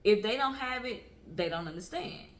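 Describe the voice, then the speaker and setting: A woman's voice: medium pitch, lively intonation, moderate pace. A woman in her thirties talking candidly to camera as a vlogger, earnest and emphatic, repeating phrases to drive them home. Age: 30s. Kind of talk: candid personal talk to camera.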